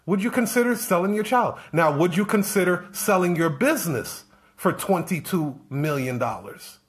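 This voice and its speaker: A high-pitched business coach speaks animatedly at normal speed in a motivational live-stream talk. He fires off rhetorical questions and repeats himself to push his point.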